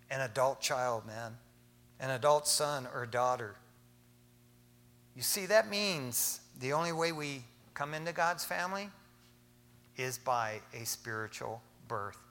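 A male pastor preaching a sermon in a casual, dynamic way, swinging between loud emphasis and hushed asides. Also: a little high, long reverb tail. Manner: casual, says "man" often.

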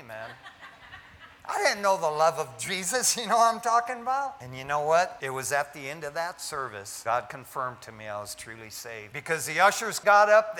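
A man preaching a sermon, telling his own story in casual street slang, swinging from loud bursts to hushed asides. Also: a little high. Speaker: pastor. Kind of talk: sermon with personal testimony. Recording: long hall reverb.

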